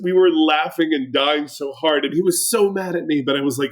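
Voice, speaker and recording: A man co-hosting a podcast, telling stories in a lively way and acting out voices. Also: on the high side, fairly quick, hardly any pauses, low-quality recording. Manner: animated storyteller, acts out voices. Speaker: podcast co-host. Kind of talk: casual podcast chat.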